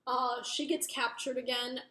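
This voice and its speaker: Speaking at a measured pace in a high-pitched, pushed and bright voice with flat delivery, a young book reviewer rambles through a plot summary. Her casual recap is packed with fillers and profanity, recorded with a roomy echo.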